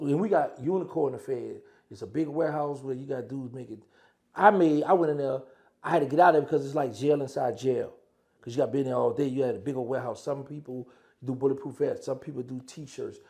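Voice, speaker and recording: Brief: New man, gravelly, animated storyteller quoting others as he goes. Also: mid-range voice. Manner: animated storyteller acting out quoted dialogue. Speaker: guest, former prisoner. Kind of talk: storytelling interview chat.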